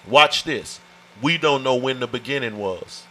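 A man's voice: medium pitch, lively intonation, a little slow, pushed and bright, poor audio. A man teaching a Bible study in an emphatic, folksy way, often calling out "watch this" and "amen" to his listeners. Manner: informal, folksy phrasing.

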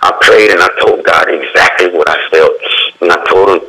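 A man sharing an earnest, emotional personal testimony in conversation, halting and restarting as he speaks. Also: low-pitched, bright, forceful tone, low-quality recording.

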